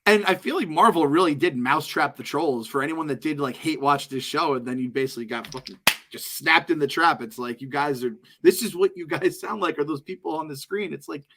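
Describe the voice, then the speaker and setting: A man's voice: a little high, brisk, bright, forceful tone, a little hiss or hum. A man co-hosting a podcast, giving rambling, opinionated takes with casual profanity. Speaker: podcast co-host.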